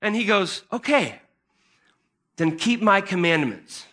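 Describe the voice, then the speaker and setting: A pastor preaching a sermon in a conversational, emphatic way. He often restarts his phrases and builds into excited bursts. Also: high-pitched, slow pace. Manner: conversational and emphatic, with many repeated starts and a rising, excited delivery.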